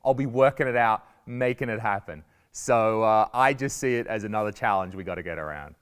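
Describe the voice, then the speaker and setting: A man with an Australian accent, a comedian talking to students in a lively, jokey way and acting out little quoted voices. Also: lowish voice, fairly quick, clear, resonant tone, long reverb tail. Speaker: comedian giving a guest lesson. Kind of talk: lively stand-up style talk to students.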